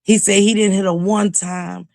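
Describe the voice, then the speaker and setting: A woman's voice: mid-range voice, flat delivery, moderate pace, creaky, a little mellow, no echo, studio quality. A woman talking as a YouTube commentator in a casual livestream chat, with emphatic, preachy storytelling.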